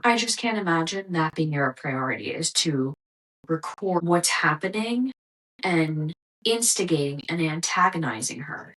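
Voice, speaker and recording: A woman's voice: low voice, animated, measured pace, a bit bright, poor audio. A young woman hosting a podcast, ranting in a casual, exasperated monologue full of swearing. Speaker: podcast host.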